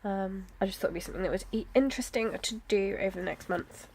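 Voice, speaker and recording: A woman, chatting casually about her planner, with soft, self-deprecating asides and frequent fillers. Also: medium pitch, fast talker, a little hiss or hum. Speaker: planner vlogger. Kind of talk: casual chat.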